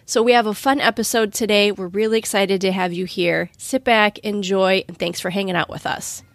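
A woman's voice: medium pitch, steady tone, moderate pace. A woman in her thirties from Minnesota with a Minnesotan accent, co-hosting a podcast in casual chat and laughing often. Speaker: podcast co-host.

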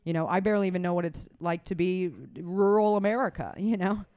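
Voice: medium pitch, steady tone, fast, darkish tone, smooth, no echo. A comedian and podcast host in casual chat, rambling and swearing freely.

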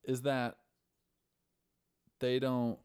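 A man's voice: medium pitch, completely flat delivery, very slow, darkish tone, clear, resonant tone. A man in casual, joking chat, swearing freely and breaking into silly voices.

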